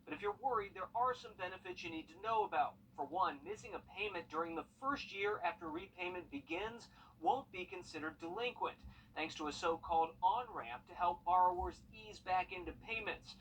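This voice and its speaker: A man delivering a scripted news report in a measured, informative way. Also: sits high, expressive, gravelly, a bit bright, recorded from a distance, slight background noise, low-quality recording. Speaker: news correspondent.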